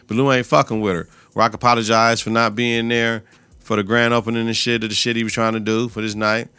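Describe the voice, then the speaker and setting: A man's voice: medium pitch, level tone, brisk, bright, forceful tone, smooth, no room sound. A male podcast host giving a casual, profane, slang-heavy recap of a TV episode and quoting the characters' lines.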